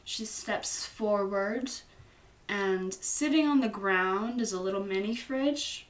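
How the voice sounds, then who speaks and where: A woman's voice: mid-range voice, slow pace, reverberant, distant mic. A young woman hosting a casual movie recap, chatty and playful, acting out the characters' lines. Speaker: host.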